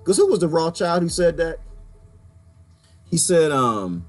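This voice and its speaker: A man doing a stand-up comedy routine, talking to the audience and acting out voices in an animated way. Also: fairly high pitch, measured pace, pauses often, breathy edge, faint music behind. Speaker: stand-up comic.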